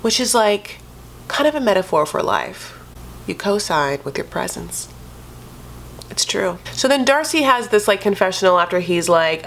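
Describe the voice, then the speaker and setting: A woman's voice: lowish voice, normal speed, fairly bright tone. Sassy gossiping woman. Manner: sassy, gossipy, says "honey" and "like" constantly. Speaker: reality TV recap vlogger. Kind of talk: casual commentary.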